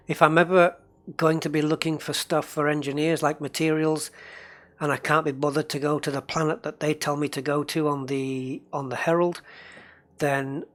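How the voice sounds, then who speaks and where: A game livestreamer giving casual, rambling commentary while playing and chatting with viewers. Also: medium pitch. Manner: rambling, chatty, reads and answers viewer chat.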